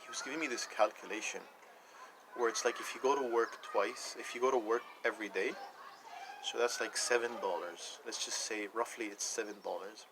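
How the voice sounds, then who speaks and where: A man's voice: on the low side, steady tone, fairly quick, background noise. A man talking casually into the camera, rambling and repeating himself as he retells conversations. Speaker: vlogger. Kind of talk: casual personal rant.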